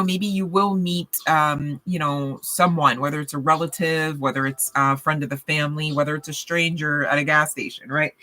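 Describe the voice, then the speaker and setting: A woman with a low-pitched voice and a bright, forceful edge talks directly to her viewers as she gives a tarot card reading. She keeps it casual and lively, throwing in chatty asides and laughter as she goes.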